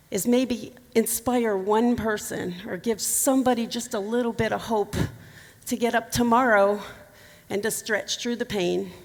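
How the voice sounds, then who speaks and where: Woman, middle-aged, gravelly voice, speaking in a conference hall with long reverb, candid storytelling. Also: mid-range voice. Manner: candid, emotional storytelling with humor. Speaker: keynote speaker. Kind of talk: personal story talk at a conference.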